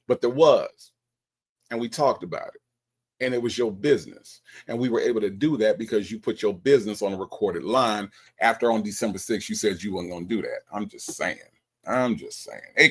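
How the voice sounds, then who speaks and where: A show host with a husky, medium-pitched voice teases and ribs a caller while commenting casually on a call recording. He's animated and repetitive in his teasing.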